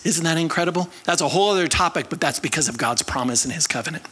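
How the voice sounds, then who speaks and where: A pastor preaching a sermon to his congregation, telling stories with lively acted voices and calling on the listeners to respond. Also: fairly high pitch, a little fast. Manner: animated storyteller, acts out quoted people; calls on the congregation to answer.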